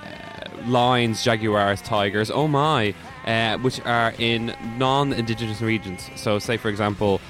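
A man's voice: on the low side, a little slow, hardly any pauses, over music. A man co-hosting a podcast, rambling through explanations with plenty of playful laughing. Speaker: podcast co-host. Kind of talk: casual podcast chat.

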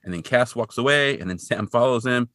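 A man co-hosting a podcast, recapping a TV episode in casual chat with animated storytelling and dry asides. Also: medium pitch, fairly quick, no echo. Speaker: podcast co-host.

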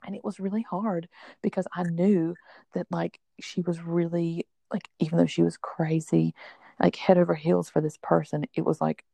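A woman co-hosting a casual book podcast, chatty and quick to laugh. Her voice is lowish and gravelly with a mellow, dark tone. The recording is dry and close. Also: little pitch movement, dry recording. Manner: chatty, laughs often, many fillers. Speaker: podcast co-host.

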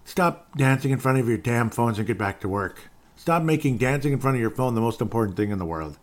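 A man's voice: medium pitch, fairly quick. A man hosting a solo sports podcast, reading listener messages and launching into sarcastic rants, often repeating his own phrases. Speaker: podcast host.

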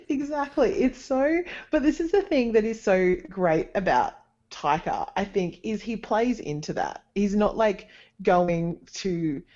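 A woman's voice: medium pitch, lively intonation, unhurried, darkish tone, lo-fi sound. A woman co-hosting a podcast, chatting casually and often agreeing with her co-host. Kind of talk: casual chat.

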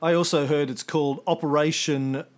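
A man's voice: fairly high pitch, fairly even intonation, normal speed. A man co-hosting a podcast, telling history in a loose, jokey, conversational way. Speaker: podcast co-host. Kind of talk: casual history storytelling.

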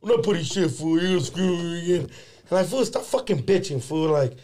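A man's voice: a little high, a little fast. A man, a podcast co-host, telling a story in casual chat, swearing freely, dropping in Spanish words and acting out what people said. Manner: profane, animated, slips into Spanish words; acts out his own and others' lines in quotes.

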